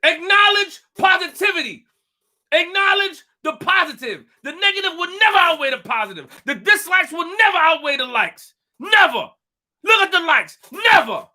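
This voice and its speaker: A man's voice: very high voice, sing-song, moderate pace, sharp tone. A young man hosting a live stream, ranting boastfully and emphatically, repeating his phrases and tripping over words. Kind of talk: fired-up live-stream rant.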